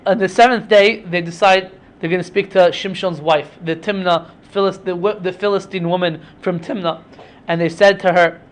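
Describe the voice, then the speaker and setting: Man, high voice, casual storytelling lesson, chatty, many asides. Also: fairly even intonation, moderate pace. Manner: chatty, with frequent fillers and asides. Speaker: teacher.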